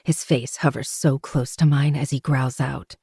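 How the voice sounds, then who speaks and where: A woman's voice: very deep voice, steady tone, unhurried, warm tone, breathy edge, no echo, clean studio sound. A woman narrating a first-person novel with dramatic storytelling.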